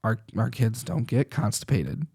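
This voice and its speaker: A man who is a chiropractor, a guest on a podcast, telling lively stories in casual conversation and laughing often. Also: medium pitch, measured pace, vocal fry, slightly rough. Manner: lively anecdotal storytelling with frequent laughs.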